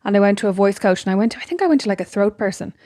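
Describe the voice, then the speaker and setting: A woman's voice: medium pitch, lively intonation, very fast, dark tone, dry recording, studio quality. A young woman co-hosting a podcast, chatting casually with playful, teasing banter. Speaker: podcast co-host. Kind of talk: casual chat.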